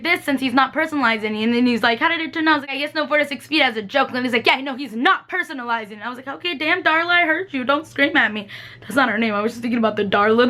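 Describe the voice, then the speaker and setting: Fast, bright-voiced woman vlogger. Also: high-pitched. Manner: rambling, acts out quoted people with voice shifts; giggly, self-mocking. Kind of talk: casual storytelling vlog.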